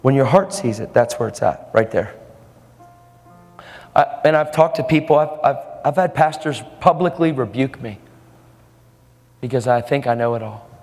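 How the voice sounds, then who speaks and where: A man's voice: mid-range voice, moderate pace, long pauses. Earnest preaching man in an echoey hall. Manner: earnest, casual, repeats words when excited. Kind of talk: storytelling sermon. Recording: echoey hall with faint music.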